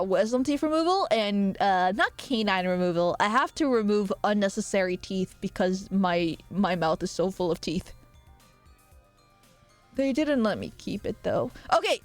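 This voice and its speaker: A woman's voice: mid-range voice, dry recording. A young woman streaming live, chatting casually with viewers and reading their comments aloud, with a playful, teasing manner and frequent laughter.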